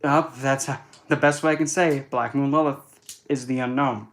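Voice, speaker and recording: Chatty blunt man with dark jokes. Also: mid-range voice, fairly even intonation, moderate pace. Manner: chatty and blunt, darkly joking, self-correcting. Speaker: occult and astrology vlogger. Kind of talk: casual monologue.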